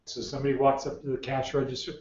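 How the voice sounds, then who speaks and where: A man's voice: mid-range voice, completely flat delivery, rapid-fire, a little mellow, slight background noise. A man teaching a job skills class, bluntly drilling his students with the same questions over and over. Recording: echoey room mic from far off, muffled.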